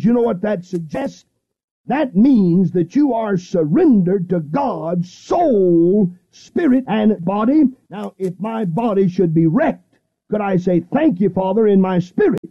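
Middle-aged male radio evangelist, high voice, emphatic repetitive delivery, muffled vintage broadcast quality. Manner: fervent, repetitive preaching with emphatic pauses. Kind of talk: radio sermon. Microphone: studio microphone, seated.

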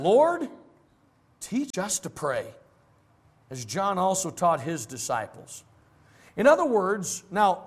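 A man preaching as pastor at a midweek Bible study, telling stories in a lively conversational way. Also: sits high.

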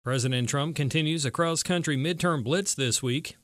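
A man reading a radio newscast as the anchor, steady and measured. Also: a little high, no room sound, clean studio sound. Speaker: news anchor.

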